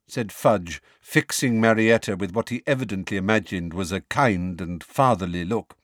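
A man narrating an audiobook in expressive scripted storytelling. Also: on the low side, moderate pace, few pauses, no echo, studio quality.

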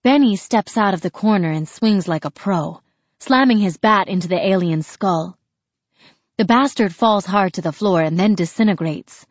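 A woman's voice: medium pitch, normal speed, dry recording, dull audio. A woman reading a first-person audiobook in a tense, dramatic storytelling manner. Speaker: audiobook narrator.

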